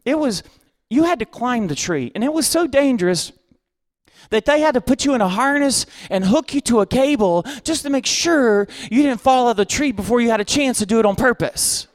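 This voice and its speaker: A man preaching a sermon as a humorous story, comic and self-mocking in a lively way. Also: extremely high pitch, fairly quick, no echo.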